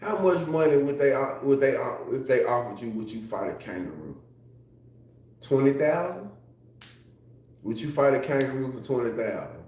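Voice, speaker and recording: A man talks loosely to his livestream audience in a heavily echoing room, swearing freely and often breaking into laughter. His voice sits at an ordinary pitch for a man, and the talk wanders between stories and reading chat. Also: lively intonation, a little fast, few pauses, darkish tone. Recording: very echoey room.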